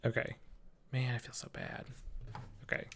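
A man's voice: moderate pace, a bit bright, slight background noise. A male streamer chatting casually while gaming, apologetic and flustered, laughing often and answering chat.

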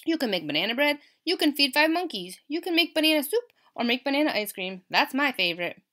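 A woman voicing a helpful homemade talking machine in a children's storybook, calmly listing answers. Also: high voice, fast, pitched above the performer's own voice.

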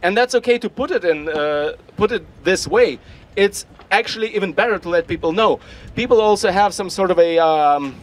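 A man's voice: sits high, moderate pace, a little hiss or hum. A man hosting a casual outdoor costume workshop. He talks loosely, swears now and then, and acts out the voices he quotes. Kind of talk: workshop talk to a crowd.

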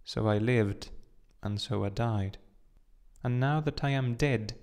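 The sorrowful statue of a dead prince speaks in a low, musical voice, read by a man in an audiobook. He is gentle and grave, and his tone sits at a middling pitch. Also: takes it slowly. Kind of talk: audiobook reading.

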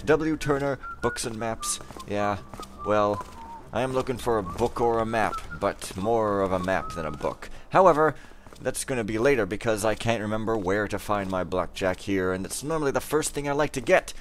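Deep-voiced rambling let's play guy. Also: normal speed, few pauses. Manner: rambling, self-mocking, jokey asides. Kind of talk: casual gameplay commentary.

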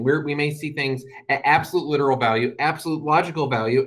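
A guest speaker tells stories to an audience, explaining things plainly with wry, humorous touches and dry asides. He speaks in a medium-pitched, fairly bright voice, and the recording quality is low.

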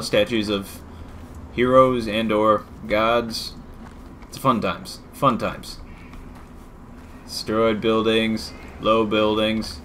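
A man's voice: fairly low pitch, bright, forceful tone, a little hiss or hum. A man giving casual gameplay commentary with joking, sarcastic asides. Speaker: video game let's-player.

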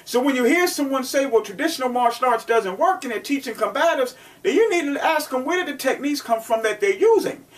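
A man's voice: very high-pitched, animated, fairly quick, few pauses, far from the mic. A man who teaches martial arts, talking in an emphatic way with lots of rhetorical questions and repetition. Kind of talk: instructional video talk.

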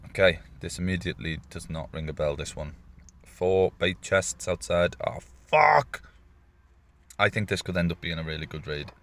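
A man with a gravelly morning voice, chatting casually and swearing as he comments on his gameplay. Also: low-pitched, fairly even intonation, a little fast, fairly bright tone. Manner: chatty, swears often, jokey asides. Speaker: gaming YouTuber.

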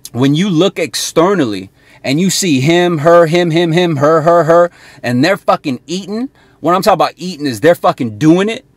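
A man's voice: a little high, dry recording. A man giving a blunt, heavily profane motivational rant straight to the viewer. He keeps checking in with "right?" as he talks. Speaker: motivational sales coach.

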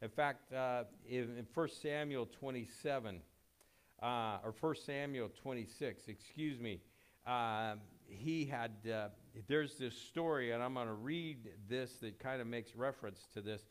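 A man preaching a sermon in a conversational way, with many fillers and self-corrections. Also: unhurried. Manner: rises loud and high when reading scripture aloud. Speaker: pastor.

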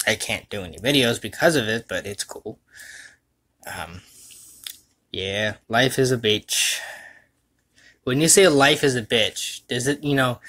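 A young man chatting loosely on a home livestream, rambling and poking fun at himself. His tone is bright and forward, sitting in an ordinary middle pitch. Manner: rambling, self-mocking, quick to laugh. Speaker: vlogger and voice dubber. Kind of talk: rambling casual livestream chat.

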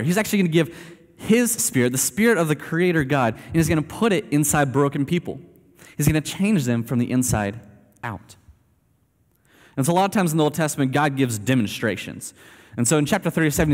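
Man, pastor, relaxed chatty preaching, middle pitch, long church reverb. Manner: casual, conversational preaching with many fillers. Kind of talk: sermon. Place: church sanctuary.

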